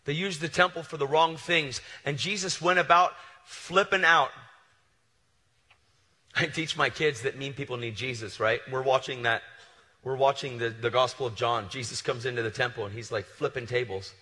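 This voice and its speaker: A man preaches with fervent conviction, swinging from loud declarations to hushed, tender storytelling. His voice is bright and forceful at middle pitch. It rings through a large hall with a long reverb. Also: normal speed. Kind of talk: sermon. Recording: live sermon in reverberant hall.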